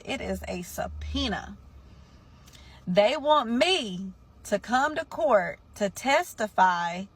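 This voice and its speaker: A woman's voice: mid-range voice, a bit bright. A woman telling a personal story in a casual storytime, talking to her listeners directly. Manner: slow, deliberate, addresses listeners as y'all.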